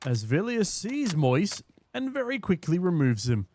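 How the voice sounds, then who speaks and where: A hoarse young man casting an esports match from a booth, with quick, joking play-by-play. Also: high-pitched, huge pitch swings, darkish tone, slight background noise. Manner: quick, jokey, punning play-by-play. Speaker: esports caster. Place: casting booth at a live event.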